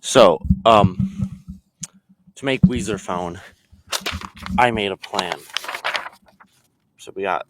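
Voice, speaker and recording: A man's voice: on the low side, slow, long pauses, heavy background noise. A young man in a comedic vlog sketch who rambles and hesitates, filling his talk with ums. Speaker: vlogger.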